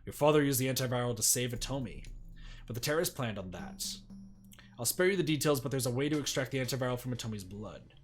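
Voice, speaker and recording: A man's voice: mid-range voice, expressive, fast talker, natural voice. A man reading a game script aloud, voicing the sender of an urgent video message who lays out a plan and pleads for help.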